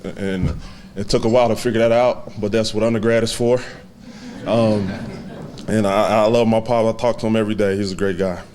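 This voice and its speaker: A man in his twenties giving a heartfelt, halting acceptance speech to a banquet audience, with many fillers. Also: fairly low pitch, fairly even intonation, darkish tone. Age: 20s. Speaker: hall of fame inductee giving a speech.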